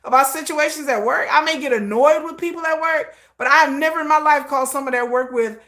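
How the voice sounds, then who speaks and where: A woman hosts a livestream with a fairly high voice, giving casual commentary. She talks bluntly and with emphasis, dropping slang and profanity and laughing often. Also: fast talker, fairly bright tone. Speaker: livestream host.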